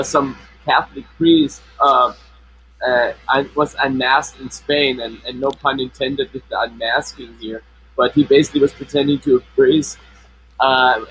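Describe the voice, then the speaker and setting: A man's voice: medium pitch, fairly bright tone, breathy edge, poor audio. A man co-hosting a casual live stream, talking with many stops and restarts, his voice run through a flanger effect. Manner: hesitant, many restarts and fillers. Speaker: co-host. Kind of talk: casual chat.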